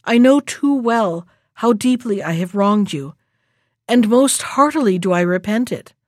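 A woman's voice: medium pitch, lively intonation, unhurried, a little mellow, no room sound, clean studio sound. A pleading young prince, as a woman reader puts him on.

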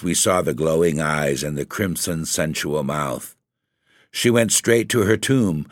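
A man reading a horror story aloud as narrator, in a measured, grave and dramatic manner. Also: very deep voice, no echo, studio quality.

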